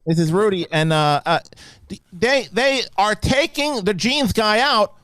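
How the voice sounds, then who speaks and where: A man's voice: high voice, expressive, a little slow, fairly bright tone, dry recording. A man hosting a live online show, ranting in casual banter with crude jokes. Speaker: host.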